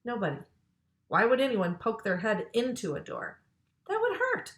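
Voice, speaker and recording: A woman librarian reading a children's book aloud in a lively, expressive way. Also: medium pitch, normal speed. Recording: roomy echo.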